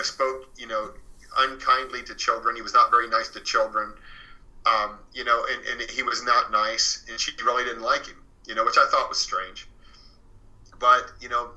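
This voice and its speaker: A man's voice: medium pitch, sharp tone, rough recording. A man recounting a true story as a radio guest, rambling casually with lots of "you know" and restarts. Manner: rambling, fills with "you know" and restarts, retells others' words. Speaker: guest author recounting a haunted house. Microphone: phoned or studio radio interview.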